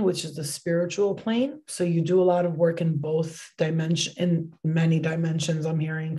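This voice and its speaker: Mellow-voiced woman giving an excitable tarot reading. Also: on the low side. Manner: excitable, swears freely, bursts of exclamations. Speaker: tarot reader. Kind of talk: casual spoken tarot reading.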